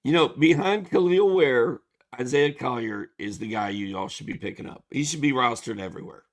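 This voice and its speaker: A man's voice: mid-range voice, normal speed. A man co-hosting a fantasy basketball show, giving laid-back, matter-of-fact analysis in casual chat.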